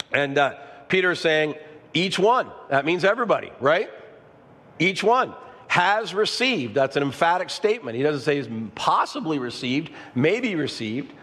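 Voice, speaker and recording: A man's voice: a little high, fairly bright tone. A man preaching a sermon to his congregation as pastor, breaking off to ask them for an amen and to talk to the person beside them. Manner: preaching with call-and-response asides to the congregation. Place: church sanctuary. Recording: long church reverb.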